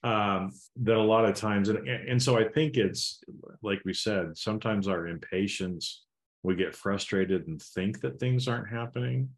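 A man co-hosting a casual podcast chat, relaxed and rambling with many asides. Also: fairly low pitch, measured pace. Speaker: podcast co-host.

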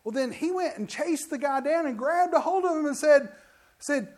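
High-voiced man preaching a sermon. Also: moderate pace. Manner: storytelling preacher, animated, acts out quotes. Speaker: pastor.

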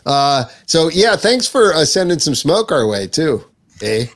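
A man's voice: a little high, big pitch swings, a little slow. A man from Pennsylvania hosting a casual podcast chat, joking and bantering playfully. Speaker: podcast host.

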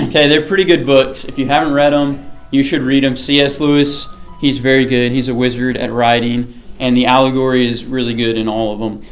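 A man's voice: medium pitch, level tone, a little fast, hardly any pauses, soft background music. A man giving a casual sermon to a small group, chatty and often checking in with the listeners. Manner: chatty, keeps checking in with "okay?".

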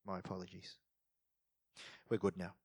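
A man's voice: sits low, completely flat delivery, normal speed, a little mellow, husky. A man in his thirties preaching a sermon on marriage in a loose, joking, conversational way. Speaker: pastor.

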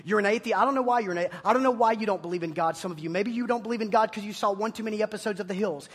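A high-voiced man with a husky edge delivers an energetic sermon to a room full of students. He jokes and teases as he talks, and he keeps dropping into mock voices to play the doubters he is arguing with. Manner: animated, joking, mimics listeners in mocking voices. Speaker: youth pastor. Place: room with a live audience of students.

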